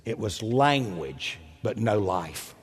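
Older man, husky pastor, lively swooping delivery, long hall reverb. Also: slow pace. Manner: animated, self-mocking, jumps into loud high quoted voices. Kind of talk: storytelling sermon. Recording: echoey hall.

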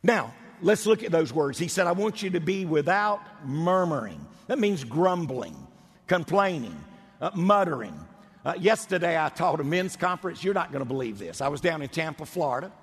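Husky preacher in a big echoing hall. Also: male voice, fairly high pitch, very animated, normal speed. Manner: emphatic preaching, stretches key words. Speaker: pastor. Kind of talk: sermon.

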